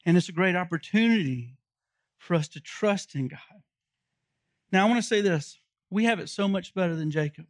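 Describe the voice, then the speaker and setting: Male pastor, high voice, dry close sound; emphatic sermon, urgent questions. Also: expressive, normal speed, no room sound.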